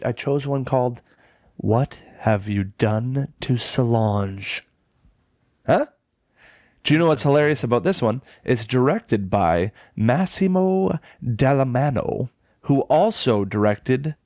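A man co-hosting a casual film podcast, telling the story in a jokey, profane, excitable way. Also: medium pitch, slow pace, no echo, studio quality. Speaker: podcast co-host reviewing films.

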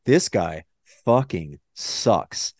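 A man from Texas with a Texan accent, co-hosting a casual movie-review podcast and ranting in a profane, animated way. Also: low voice, drawn-out words, dry recording, studio quality. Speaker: podcast co-host.

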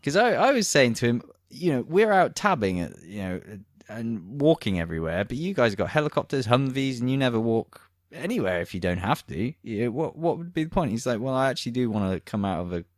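A British man, hosting a casual chat and telling animated army anecdotes. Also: mid-range voice, a little fast, few pauses, no room sound, studio quality. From Britain. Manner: animated storyteller, laughs through anecdotes. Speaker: podcast host.

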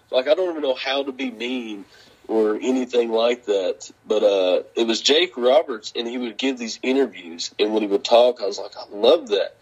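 A man with a husky, mid-pitched voice talks loosely in an interview. He laughs often, swears, and acts out the lines of the people in his stories. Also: moderate pace, a little mellow, rough recording. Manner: rambling, laughing, cursing, acting out quotes. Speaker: guest, wrestler. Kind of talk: casual storytelling interview.

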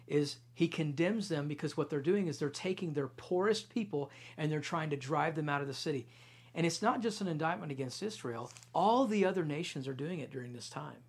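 Husky-voiced man preaching conversationally. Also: fairly high pitch. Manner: conversational preaching, storytelling, quiet intense stretches. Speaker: pastor. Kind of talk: sermon.

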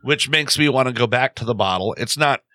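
Co-host, male, forthright, bright and tense tone. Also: medium pitch, fairly quick, no room sound. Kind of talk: casual chat, beer tasting.

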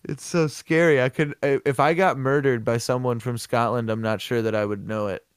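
Smooth-voiced man, profane. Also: mid-range voice, steady tone, fairly quick, no echo, clean studio sound. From American Midwest. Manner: rambling, profane, laughs often. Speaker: co-host. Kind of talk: casual podcast chat.

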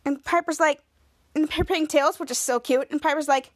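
Woman podcast host, rambling recap, very high voice, lots of fillers. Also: fairly even intonation, normal speed. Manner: rambling, filler-heavy retelling. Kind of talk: episode recap.

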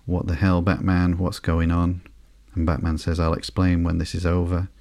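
A man hosting a sleepy podcast, reading through a comic slowly and flatly with frequent ums and uhs. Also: deep voice, dry recording, clean studio sound. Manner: slow, flat and unhurried, with frequent ums and uhs. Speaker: podcast host.

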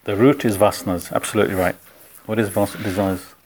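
A man with a lowish voice leads a relaxed philosophy class. He talks conversationally and keeps putting questions to his students. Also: a little fast, slight background noise. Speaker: spiritual teacher. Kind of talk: informal philosophy class talk.

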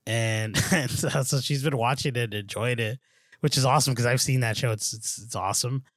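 A man's voice: medium pitch, a little fast, fairly bright tone, no echo, studio quality. A man co-hosting a podcast, chatting casually and rambling with lots of fillers, restarts and "dude.". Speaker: podcast co-host. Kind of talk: casual chat.

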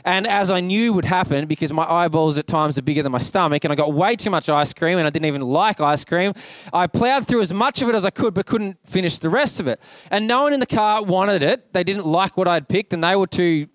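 A man's voice: high-pitched, a little fast, no echo. A man with an Australian accent preaching a casual, conversational sermon in church, telling stories in a chatty way full of "like". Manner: chatty storytelling, peppered with "like". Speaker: pastor.

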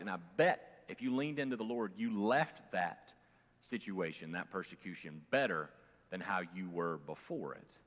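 A male pastor preaching a conversational sermon, moving from loud emphasis to quiet asides, with fillers and restarts. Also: on the low side. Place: church sanctuary. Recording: long church hall reverb.

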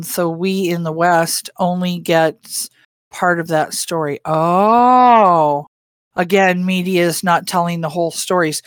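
A woman's voice: lowish voice, dry recording, clean studio sound. A woman co-hosting a podcast in casual chat, rambling with lots of hesitant fillers. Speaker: podcast co-host.

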